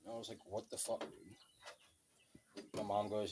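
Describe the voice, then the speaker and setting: A man's voice: fairly low pitch, steady tone, fairly quick, heavy background noise. A man in a casual vlog rant, telling stories bluntly and swearing a lot, outdoors by a road. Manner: profane, blunt, storytelling. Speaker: vlogger.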